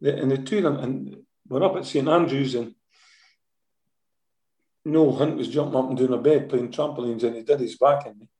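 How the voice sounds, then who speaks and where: Scottish man telling stories, mellow. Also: medium pitch, normal speed, reverberant. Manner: lively storyteller, tags sentences with "eh?". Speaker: former football manager. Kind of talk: anecdotal interview storytelling.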